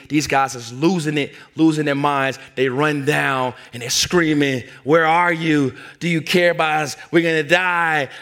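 Bright-voiced, emphatic male preacher. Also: on the high side. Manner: emphatic, storytelling, conversational. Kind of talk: sermon.

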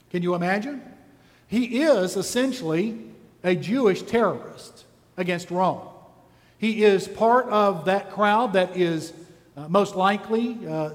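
A man's voice: high voice, long reverb tail. A man preaching a sermon, intense and full of rhetorical questions. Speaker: pastor.

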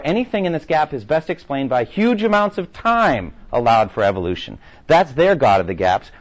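A man leads a lecture-style class with an emphatic delivery and a steady stream of rhetorical questions. His voice leaps up and down in pitch. The recording is muffled and lo-fi. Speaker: Bible class teacher. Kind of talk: lecture with read-aloud quotes.

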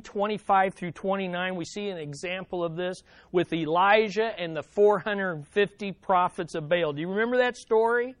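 A pastor delivering a sermon in a direct, conversational way, swinging from hushed asides to loud exclamations. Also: medium pitch, no echo. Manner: conversational, addressing the congregation directly.

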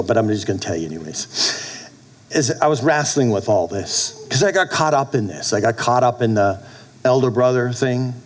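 A man in his fifties preaching a sermon as a pastor, animated, with frequent restarts and sudden soft drops in his voice. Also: medium pitch.

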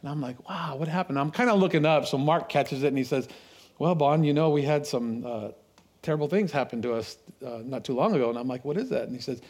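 A middle-aged man preaching a sermon, telling stories with laughs and restarts, animated. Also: mid-range voice, fast talker. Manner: storytelling, animated, with laughs and repeated words.

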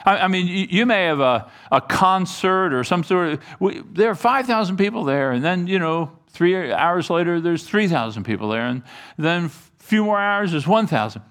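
Animated man preaching a sermon. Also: sits high, normal speed, smooth. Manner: animated preaching with folksy asides and voiced dialogue. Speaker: pastor.

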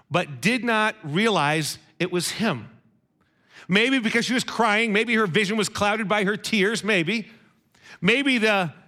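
Bright, high-voiced man preaching a sermon. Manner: conversational, asks the listeners questions.

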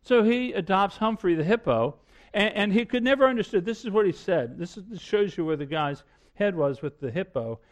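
A middle-aged man preaching a sermon, earnest, repeating himself and shifting suddenly between loud and hushed. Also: high voice, animated, a little fast. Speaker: pastor.

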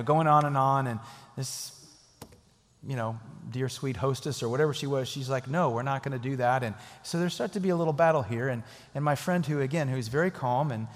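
A man preaching a sermon, telling a story and then leading a prayer, earnest and emphatic, often repeating key phrases. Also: on the high side. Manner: earnest, emphatic repetition, chuckles while telling stories. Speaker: pastor. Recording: echoey hall reverb.

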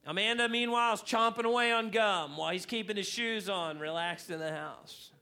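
High, bright-voiced male pastor. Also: brisk, gravelly. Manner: animated storyteller, rising in volume for emphasis. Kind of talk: sermon with a humorous story. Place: church hall.

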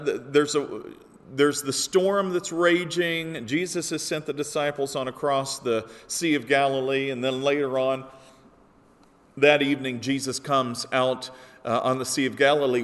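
A man's voice: mid-range voice, a little slow. Man preaching a sermon in a reverberant hall. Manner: earnest, builds to emphatic peaks when quoting. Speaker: pastor.

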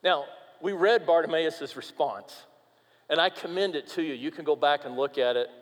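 A man preaching a sermon as pastor, emphatic and animated, sometimes dropping to a quiet, earnest tone. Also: fairly high pitch, normal speed. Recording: long reverb of a large hall.

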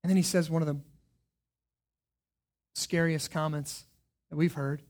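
Pastor guy preaching, high voice, goes quiet then loud, lots of questions. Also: steady tone, a little slow, pauses often. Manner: emphatic preaching, rhetorical questions, swings from hushed to loud. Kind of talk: sermon.

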